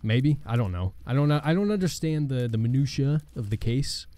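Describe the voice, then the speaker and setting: A man hosting a gaming channel, chatting casually and rambling with halting, sarcastic asides over gameplay. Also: medium pitch, lively intonation, mellow, no echo.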